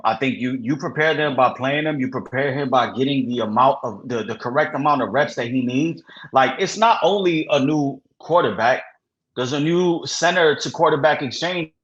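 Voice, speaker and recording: A man co-hosting a casual sports podcast, talking in a relaxed way with lots of "you know". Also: mid-range voice. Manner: relaxed, repeats filler phrases. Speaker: podcast co-host. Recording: dull lo-fi sound.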